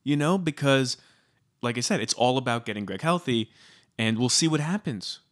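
A man's voice: medium pitch, lively intonation, normal speed, a bit bright. A man co-hosting a podcast in casual chat, conversational and plugging the show. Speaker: podcast co-host.

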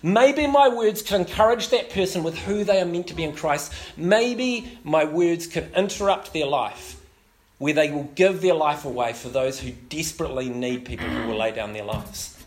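Animated New pastor preaching. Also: male voice, on the high side, moderate pace. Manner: animated, self-deprecating, many fillers. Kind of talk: sermon with humorous storytelling.

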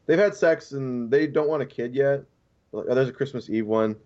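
Man, mid pitch, rambling casual storytelling, dull lo-fi audio. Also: normal speed, a little mellow. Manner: rambling storytelling, acts out quotes in raised voices. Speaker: podcast co-host. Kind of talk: casual chat. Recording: dull lo-fi sound.

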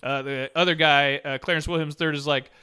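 A man's voice: fairly high pitch, fairly even intonation, fairly quick, pushed and bright, smooth. A man in casual podcast film chat, rambling and swearing, acting out scenes as he retells them. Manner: rambling, profane, acts out scenes.

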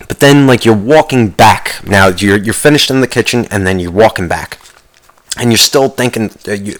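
A man's voice: lowish voice, fairly bright tone, low-quality recording. A man giving a rambling comic rant. He swears freely and muses aloud, with many restarts. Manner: rambling, profane, musing aloud. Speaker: vlogger.

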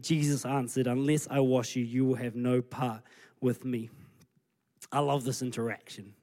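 A man preaching a sermon as pastor, retelling scripture with lively acted-out dialogue. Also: medium pitch. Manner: animated storytelling, acting out scripture scenes.

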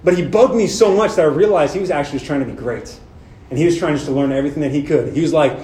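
A young man from Southern California preaching to a men's retreat in a casual, animated way, talking right to the crowd. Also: a little high, racing, reverberant. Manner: casual, animated, talks directly to the audience. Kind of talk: sermon.

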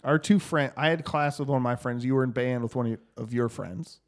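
A podcast host in his thirties with a mid-range voice tells a story, animated and casual, tossing in quick asides and swearing.

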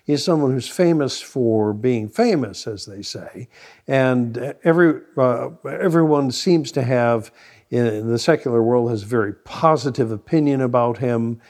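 A man's voice: mid-range voice, unhurried, a little mellow. A man, a priest co-hosting a radio discussion, speaking hesitantly with many ums and uhs. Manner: hesitant, filler-heavy. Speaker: priest co-host.

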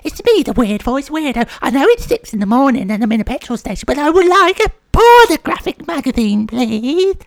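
A man's voice: very high voice, big pitch swings, a little fast, vocal fry, few pauses, no echo, voice pushed up, full character voice. A man putting on the voice of an awkward, overly polite weirdo asking for a magazine at a shop counter.

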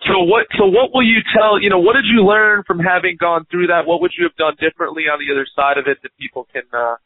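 A man with a high, quick voice hosts the interview, chiming in with chatty, encouraging remarks. His sound is narrow and phone-like, and dry. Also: no room sound. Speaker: host. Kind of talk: interview chat.

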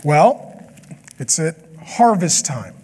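A man preaching a sermon as a pastor, with lively, joking asides to the congregation. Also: fairly high pitch, takes it slowly, slightly rough. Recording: long hall reverb.

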